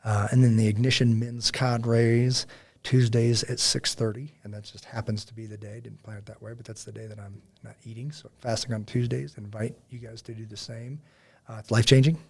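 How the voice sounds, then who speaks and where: Man, podcast host, gravelly voice, husky tone, rambling storyteller, lots of fillers. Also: mid-range voice, a little mellow. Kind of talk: casual faith podcast chat.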